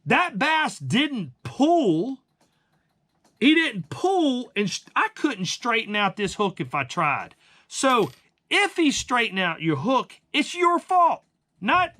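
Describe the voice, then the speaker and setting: A man's voice: high-pitched, sharp tone. A man hosting a fishing channel, giving blunt, emphatic tips in casual talk and calling the viewers guys.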